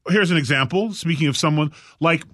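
A man's voice: a little high, a little fast, fairly bright tone, no room sound. A sarcastic male host riffs through comic banter, slipping into mock voices as he goes. The recording is close and dry in a studio. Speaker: talk show host.

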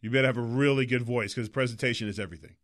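A man co-hosting a talk show, telling rambling, animated anecdotes in casual chat. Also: medium pitch, racing. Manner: slips into mock voices.

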